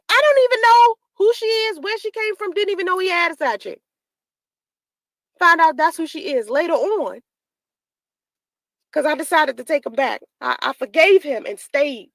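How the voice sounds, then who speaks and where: A woman's voice: very high voice, a bit bright, no room sound, low-quality recording. A woman telling a personal story in a casual, profane way, acting out the dialogue she quotes. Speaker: storyteller in a played clip.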